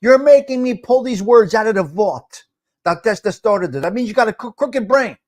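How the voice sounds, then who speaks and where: A man's voice: sits high, lively intonation, moderate pace. A middle-aged man hosting a casual live chat, teasing viewers, repeating himself and dropping Italian phrases. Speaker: livestream host.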